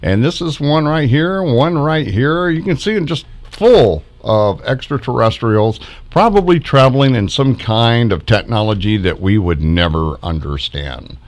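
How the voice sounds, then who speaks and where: A man's voice: mid-range voice, lively intonation, a little slow, hardly any pauses. A middle-aged man casually narrating his backyard footage as a ufology vlogger, chuckling often as he points out faces in orbs.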